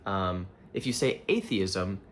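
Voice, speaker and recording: Deep-voiced guy teaching spanish, laid back, lots of ums. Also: slow pace, slight background noise. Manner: relaxed, thinking aloud with many fillers. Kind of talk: casual explanatory lesson.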